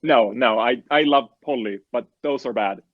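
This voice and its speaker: A man's voice: mid-range voice, moderate pace, no room sound, narrow, tinny audio. A man co-hosting a casual podcast chat, making dry, understated quips. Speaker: podcast co-host.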